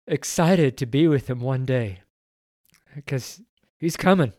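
A man's voice: mid-range voice, takes it slowly, pauses often, darkish tone, no echo, clean studio sound. Earnest, emotional middle-aged man reading scripture. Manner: reads scripture aloud with rising fervor. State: choked up at times. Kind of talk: Bible reading with devotional commentary.

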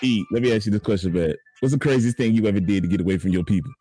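A man's voice: on the low side, racing, faint music behind. A man co-hosting a comedy podcast, joking and playing weatherman and news anchor. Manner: animated, playful, joking news-anchor bits. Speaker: podcast co-host.

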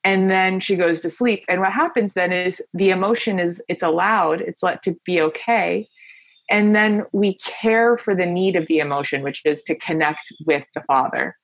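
A woman with a fairly low voice speaks as an interview guest, earnest and animated as she tells a personal story. The sound is close and dry, with no room around it. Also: moderate pace, dry recording. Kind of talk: conversational interview.

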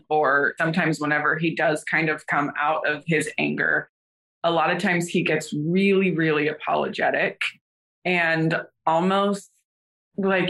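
A woman's voice: deep voice, fairly bright tone. A mother speaking as a guest in a casual chat, thoughtful and a little unsure, laughing now and then. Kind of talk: casual conversation.

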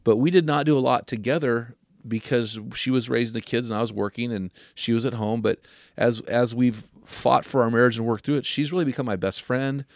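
An older man hosting a podcast, giving earnest advice to men and slowing down to stress key questions. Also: medium pitch, fairly even intonation, no echo, studio quality. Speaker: podcast host.

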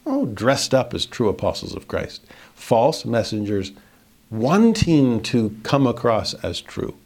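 A man's voice: mid-range voice, wildly swooping pitch, takes it slowly, a little mellow. Man teaching a verse-by-verse Bible lesson. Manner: conversational, reads verses aloud then comments with dry humor. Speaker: scripture teacher.

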